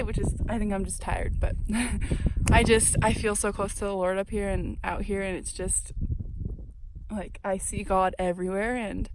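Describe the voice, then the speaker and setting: A woman's voice: mid-range voice, fairly even intonation, unhurried, noisy background. A young woman vlogging while hiking a snowy mountain trail, talking earnestly and chattily with many fillers, into a handheld camera outdoors. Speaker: long-distance hiker vlogging. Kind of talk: casual vlog narration.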